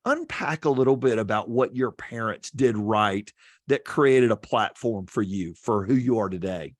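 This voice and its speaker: A man hosting a podcast interview, friendly and unhurried when he asks his questions. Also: lowish voice, no room sound. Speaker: podcast host.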